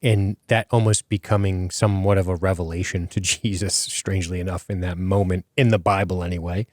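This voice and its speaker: A man's voice: deep voice, little pitch movement, fairly quick, no echo, clean studio sound. A man hosting a podcast in casual chat, rambling with many fillers and casual swearing. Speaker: podcast host.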